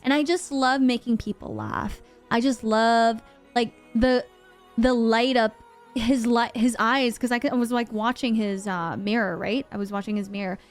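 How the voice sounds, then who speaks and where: A woman's voice: fairly high pitch, steady tone, normal speed, soft background music. A woman from Bahrain, over twenty-five, chatting animatedly to her live stream audience and acting out the voices in her story. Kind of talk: casual storytelling to a live chat.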